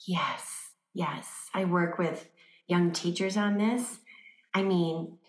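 A woman parenting coach giving advice in an animated way, acting out little scenes with voices. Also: lowish voice, slow, roomy sound. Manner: animated, acts out examples with voices. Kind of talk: advice in conversation.

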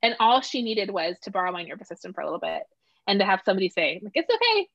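A woman's voice: medium pitch, rapid-fire, gravelly, slightly rough, dry recording. A middle-aged woman in casual conversation, talking animatedly and acting out quoted voices. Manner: animated, acts out voices when quoting. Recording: dull lo-fi sound.

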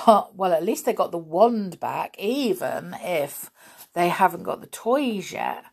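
A woman in her thirties reading a children's story aloud, gentle and chatty, talking directly to her listeners. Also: on the low side, expressive, slow, vocal fry, breathy edge.

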